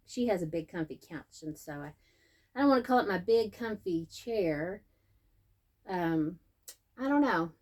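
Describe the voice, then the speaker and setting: A woman's voice: medium pitch, dark tone. A woman hosting a casual vlog from home, chatting in a rambling, self-deprecating way. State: out of breath. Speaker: host. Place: seated at home.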